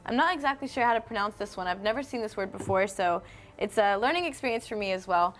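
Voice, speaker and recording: Her mid-range voice moves quickly over faint background music as this young host from North Carolina runs a casual live-stream chat. She's chatty and friendly, reading her viewers' comments aloud.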